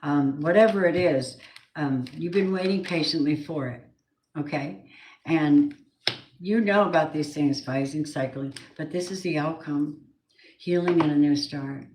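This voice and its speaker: A woman's voice: deep voice, measured pace, darkish tone. A woman giving a casual tarot card reading, chatty and blunt, swearing now and then. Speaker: tarot reader. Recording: roomy echo, faint noise.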